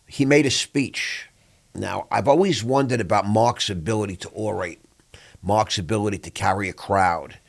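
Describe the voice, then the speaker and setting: A man hosting an interview, telling a personal story in a lively, animated way. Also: fairly low pitch, vocal fry. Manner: animated storyteller, acts out quoted voices. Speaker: podcast host.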